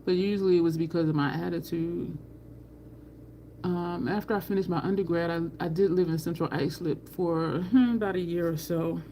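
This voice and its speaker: A woman's voice: fairly low pitch, steady tone, normal speed, mellow, a little hiss or hum. Blunt, foul-mouthed New Jersey woman. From New Jersey, USA. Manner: blunt, candid and profane. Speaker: makeup channel host. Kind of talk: casual livestream chat.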